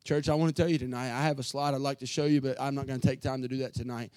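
A pastor preaching an emotional sermon from the pulpit, earnest and building to fervent passages. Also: male voice, medium pitch, steady tone, rapid-fire, darkish tone, no room sound.

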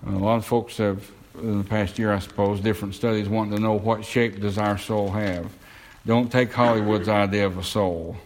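A man's voice: lowish voice, a little mellow. A man preaching a sermon, earnest and emphatic, lifting his voice when quoting Scripture. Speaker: pastor.

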